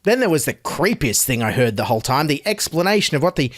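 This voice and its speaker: A man's voice: on the high side, very animated, quick pace, fairly bright tone, no echo, clean studio sound. A man with an Australian accent giving sarcastic, mocking satirical commentary as a podcast host.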